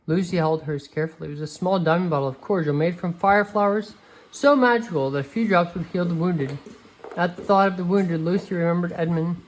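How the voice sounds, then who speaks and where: A woman with a low voice reads a picture book aloud to a child. Her reading is gentle and expressive, and she stumbles and restarts now and then. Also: brisk, slight background noise, low-quality recording. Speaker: reader.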